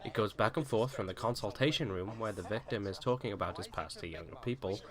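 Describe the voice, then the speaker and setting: Bright-voiced man narrating a video essay. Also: lowish voice, fast talker. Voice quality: reading from a script, even and formal.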